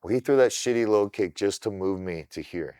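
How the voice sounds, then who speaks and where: Deep-voiced man telling fight stories. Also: fairly quick, clear, resonant tone, no room sound, clean studio sound. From Ohio. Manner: animated retelling, swears freely. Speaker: podcast guest, kickboxer. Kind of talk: casual storytelling.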